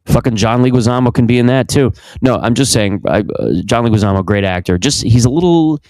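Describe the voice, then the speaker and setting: A young man hosts a podcast from his home basement, rambling crudely through a casual comedic monologue and often cutting himself off. His voice is fairly low and darkish in tone, the pace is brisk, and there's no room sound.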